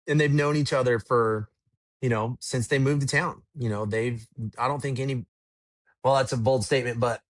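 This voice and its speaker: Man in his own voice, unhurried podcast storyteller, rambling and relaxed, mid pitch, dry close sound. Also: no echo. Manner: rambling, laid-back, swears casually. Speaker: podcast guest, tour manager. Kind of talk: casual storytelling.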